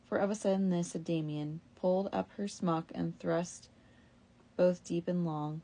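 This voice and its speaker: A woman reading an old verse tale aloud in a steady, measured storytelling manner. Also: fairly low pitch, gravelly. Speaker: reader.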